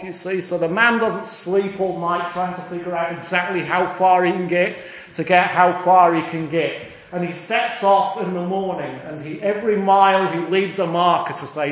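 A man, a priest, retelling a story in a sermon in an animated, chatty way, with many restarts. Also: sits high, normal speed, few pauses. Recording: echoey room with faint ambience.

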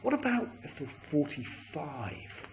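Play as a man a polite old man haggling, hesitant and soft, lifting at the asks. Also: on the high side, sing-song, measured pace, slight background noise. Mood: wheedling.

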